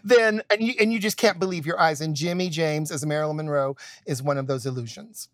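A man's voice: fairly high pitch, a little fast, fairly bright tone. An older man with a Southern US accent hosting a podcast interview in a campy, playful, teasing way. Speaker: podcast host. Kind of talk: casual interview chat.

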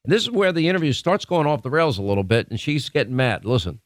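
A man's voice: medium pitch, sing-song, fast, no echo. Dry-sounding talk radio host, man. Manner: conversational, emphatic, self-correcting. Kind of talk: opinionated talk radio monologue. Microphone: studio microphone.

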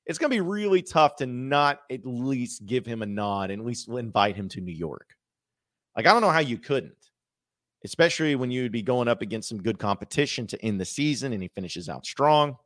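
A man's voice: mid-range voice, sing-song, moderate pace, no echo, clean studio sound. A man hosting a sports podcast, talking casually, rambling and correcting himself as he goes. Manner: rambling, self-correcting, chatty. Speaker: podcast host.

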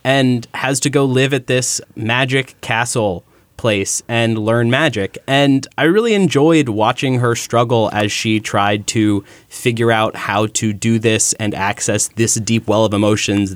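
A man's voice: medium pitch, no room sound. A man in casual podcast chat, with a wry, playful delivery. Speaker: podcast panelist.

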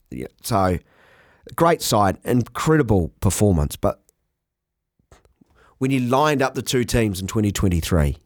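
A man hosting a cricket podcast in casual, animated, self-mocking chat. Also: mid-range voice, no echo, studio quality.

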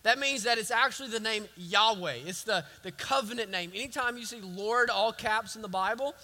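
Emphatic preacher with a high, bright voice. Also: male voice, normal speed, big-room sound. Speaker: pastor. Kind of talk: sermon.

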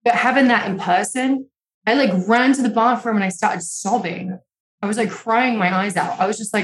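A woman's voice: on the high side, moderate pace. A young woman, a podcast guest, telling a personal story in a candid way, swearing often and filling her talk with "like". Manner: emotional, swears freely, many "like" fillers. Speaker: interview guest. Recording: echoey room sound.

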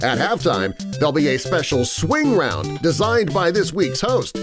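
A man's voice: a little high, huge pitch swings, unhurried. A man reading the rules of the game in a scripted announcer style. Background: music.

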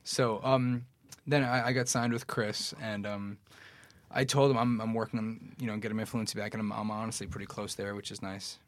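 A young man in his twenties, a podcast guest and actor, chatting casually and telling animated stories in which he quotes other people. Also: on the low side, normal speed, dry recording. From New York City. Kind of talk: casual chat.

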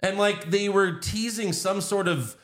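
A man hosting a podcast, recapping events in casual chat with an animated storytelling manner. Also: high voice, unhurried. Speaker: podcast host recapping wrestling.

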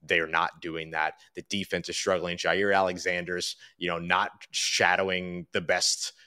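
A man co-hosting a sports podcast, talking casually and joking in quick, animated bursts. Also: deep voice, smooth.

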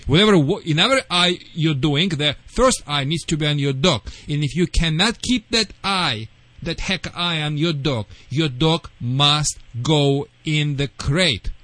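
A man's voice: a little high, unhurried, pushed and bright, dry recording. A man who is not a native speaker of English, a dog trainer giving radio call-in advice in broken English, laying out emphatic step-by-step instructions.

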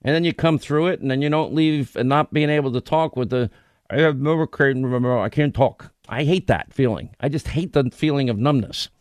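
A man's voice: medium pitch, fairly quick, few pauses, darkish tone, dry recording. A man hosting a talk radio show, delivering a rambling, emphatic, conversational monologue into a studio microphone.

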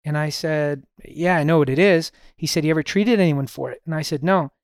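Smooth-voiced man telling a story. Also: a little high, brisk, no echo, clean studio sound. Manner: relaxed storyteller, sprinkles in "you know". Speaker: podcast guest. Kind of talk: casual storytelling conversation.

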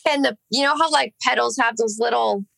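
A young woman from Los Angeles tells a rambling story in a casual chat, peppering it with "like" and curse words. Her voice is bright and gravelly with plenty of vocal fry, recorded close and dry. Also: fairly high pitch, a little fast, dry recording, poor audio. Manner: rambling, heavy filler "like", swearing. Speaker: singer, podcast guest.

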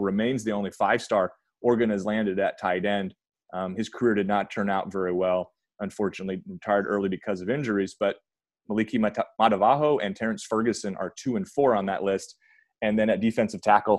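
A man with a lowish voice chats through a sports discussion, wandering and restarting his sentences as he goes. The sound is dry, with no room echo. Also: a little mellow. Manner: rambling, self-correcting, chatty. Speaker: podcast host. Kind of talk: casual sports talk.

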